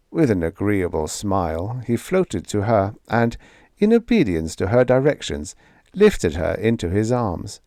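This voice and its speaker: A man narrating a vintage science fiction short story as a sleep story, calm and measured. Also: lowish voice, no room sound, studio quality. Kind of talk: scripted audiobook narration for sleep.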